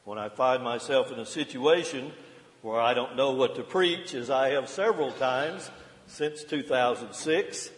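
A middle-aged man preaching a sermon as pastor, in a measured and earnest cadence. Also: mid-range voice. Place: large church sanctuary. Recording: long church reverb.

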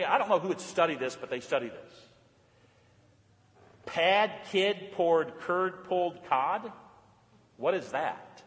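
High-voiced preacher guy, goes from loud to real quiet, long church echo. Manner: swings from loud emphatic preaching to soft hushed tones. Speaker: pastor. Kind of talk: sermon.

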